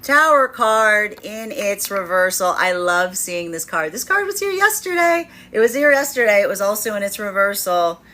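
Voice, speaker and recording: A woman's voice: medium pitch, expressive, normal speed, hardly any pauses, pushed and bright. A woman giving a casual spoken tarot reading, chatty and full of fillers, often laughing while she acts out what people might say. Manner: chatty, with many fillers, laughing while acting out quoted voices. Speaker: tarot reader.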